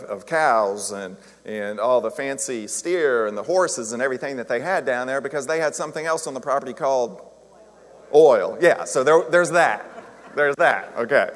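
A male minister giving a conversational sermon, telling a story with self-deprecating humor. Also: medium pitch. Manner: chatty, self-deprecating humor, animated retelling. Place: church sanctuary. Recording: long reverb of a large hall.

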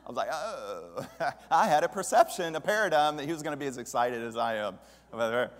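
A man's voice: a little high, quick pace. Man giving a conversational church sermon in a reverberant hall. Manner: conversational, asks the audience questions. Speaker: speaker at a church service. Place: church sanctuary.

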